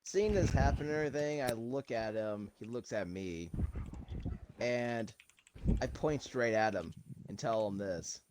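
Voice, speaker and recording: A man plays a tabletop game in a blunt, brash way, swearing freely. His voice is of middle pitch, and the noisy mic carries hiss and keyboard typing behind him. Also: lively intonation, a little slow. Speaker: player. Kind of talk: casual game chat.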